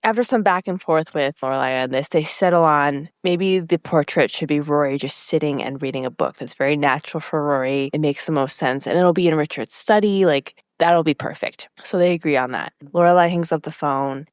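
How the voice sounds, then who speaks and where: A woman's voice: low voice, a little fast, hardly any pauses, no room sound, clean studio sound. A woman co-hosting a podcast, retelling scenes in casual chat and acting out the lines with frequent laughs. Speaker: podcast co-host.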